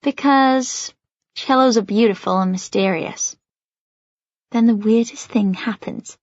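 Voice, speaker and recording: A woman's voice: a little high, a little slow, no echo. A woman narrating a first-person novel as an audiobook, reading expressively and anxiously. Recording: dry, slightly dull studio sound.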